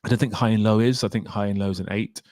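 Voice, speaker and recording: With a fairly low, slightly mellow voice, steady tone, and quick pace, a young livestream host chats casually and shares opinions. He reads viewers' comments aloud and answers their questions, in clean studio sound without room noise.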